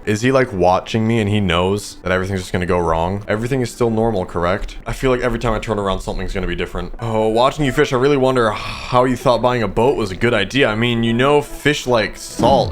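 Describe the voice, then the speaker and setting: A man streaming a game, chatting in a jokey, nervous way and calling the characters bestie. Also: mid-range voice. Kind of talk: casual gameplay commentary.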